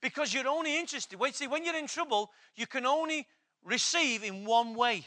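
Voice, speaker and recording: A man's voice: very high-pitched, lively intonation, brisk, pushed and bright. A man preaching a sermon, emphatic, repeating key phrases and asking the congregation questions.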